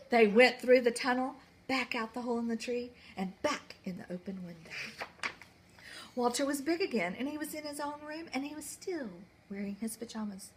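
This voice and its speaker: A woman's voice: on the high side, a little hiss or hum. A woman teacher reading a picture book aloud to children in a classroom, with dramatic storytelling.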